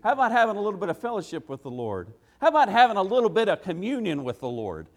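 A man's voice: high voice, huge pitch swings, fast talker. A man preaching an evening church sermon in a folksy, emphatic way, firing off rhetorical questions and punctuating his points with "hey.". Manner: folksy, drops into "gotta" and "ain't". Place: church sanctuary. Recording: long reverb of a church hall.

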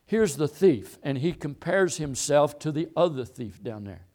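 A man's voice: a little high, lively intonation, a little slow, darkish tone. A man preaching a sermon, repeating and stressing his points as he quotes scripture. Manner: emphatic, repetitive preaching with Bible quotes.

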